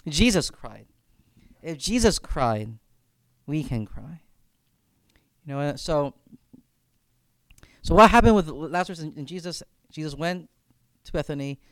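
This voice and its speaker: A man's voice: a little high, expressive, measured pace, pauses often, fairly bright tone, dry recording. Earnest man guiding a faith talk. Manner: earnest, repeats words while thinking aloud. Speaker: campus minister. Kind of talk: reflective faith discussion.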